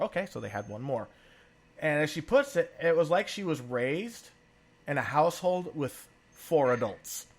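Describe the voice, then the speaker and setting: A man in his thirties co-hosting a podcast, telling family stories in a relaxed chat and laughing often. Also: medium pitch, unhurried. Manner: animated storyteller, laughs often. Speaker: podcast co-host. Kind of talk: casual conversational storytelling.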